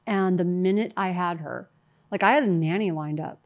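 A middle-aged woman, a guest in an interview, talking in a lively, storytelling way and acting out what others said to her. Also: fairly low pitch, normal speed, lo-fi sound. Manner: animated storytelling, quotes herself and others. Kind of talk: conversational interview.

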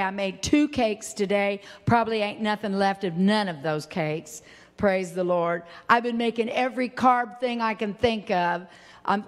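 An older woman preaching a folksy, animated sermon that breaks into sudden high exclamations. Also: big-room sound.

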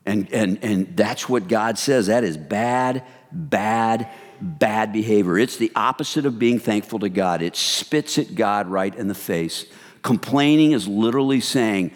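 A male pastor giving an animated sermon to a congregation, sometimes dropping into hushed voices to act out gossip. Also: fairly low pitch, measured pace, big-room sound.

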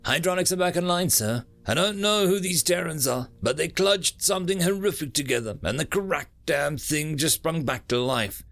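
A man voicing a hurried chief engineer who rattles off damage reports. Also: a little high, lively intonation, a bit bright, dry recording, voice pushed up. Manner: rapid.

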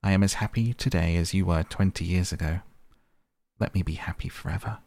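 A man's voice: sits low, steady tone, brisk, darkish tone. A man reading the part of an eager, lovestruck young actress, pleading and breathless.

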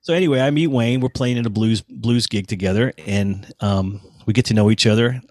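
Man, 50s, interview guest, lively storyteller, lowish voice, dry close sound. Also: a little fast, no room sound. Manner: animated anecdotes, acts out quoted voices. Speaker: guest musician, touring bassist.

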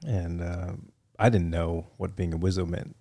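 A middle-aged man with a Vietnamese accent, talking in a loose, rambling way and leaning on "you know" as he tells his story. His voice sits very low with a gravelly fry to it. The recording is dry and close. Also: moderate pace, no room sound. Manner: relaxed, rambling, heavy fillers like "you know". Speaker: interview guest, retired Marine fighter weapons officer. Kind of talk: casual interview storytelling.

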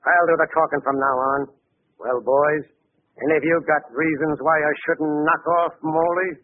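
A man's voice: fairly high pitch, fairly even intonation, slight background noise, lightly acted. Carnation Charlie, a man playing a vengeful gangster back from death. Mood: taunting. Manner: slow, taunting, cold. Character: vengeful male gangster back from the electric chair. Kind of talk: 1940s radio acting. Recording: tinny old radio broadcast.

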